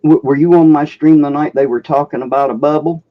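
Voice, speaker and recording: A man's voice: on the high side, fairly quick. A man telling a story on his own stream, swearing and laughing as he goes. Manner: animated, swearing, laughs often. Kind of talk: casual chat, storytelling. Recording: dull lo-fi stream audio.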